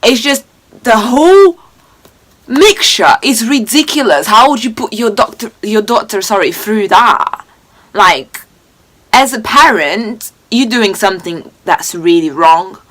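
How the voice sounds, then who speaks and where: A woman's voice: medium pitch, expressive, measured pace, fairly bright tone. A woman in her twenties giving casual reaction commentary, indignant and rambling, with many restarts. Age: 20s. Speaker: reaction video host.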